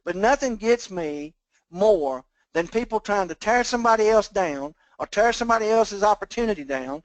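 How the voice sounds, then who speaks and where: A man's voice: high voice, expressive, normal speed, dry recording, lo-fi sound. An older man leading a motivational business coaching talk over a phone conference line, folksy and plainspoken, often checking in with his listeners. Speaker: business trainer leading a team call.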